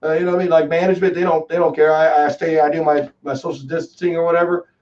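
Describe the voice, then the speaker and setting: A man from Texas in casual chat as a guest, telling rambling, animated stories with lots of fillers. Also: on the high side, racing. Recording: distant, dull lo-fi call audio.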